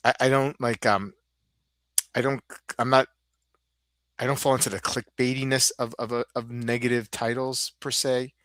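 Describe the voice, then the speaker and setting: A man from the Northeastern United States hosting a podcast, rambling in a halting way and reading out viewer comments. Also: medium pitch, flat delivery, fairly bright tone, no room sound. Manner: rambling, halting, many restarts. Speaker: podcast host.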